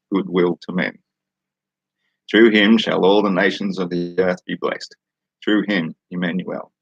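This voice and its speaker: Laid-back husky Australian man. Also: low voice, fairly bright tone, no room sound, lo-fi sound. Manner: laid-back, chuckling, unhurried. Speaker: livestream host. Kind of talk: casual chat and reading aloud from a book. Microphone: studio microphone.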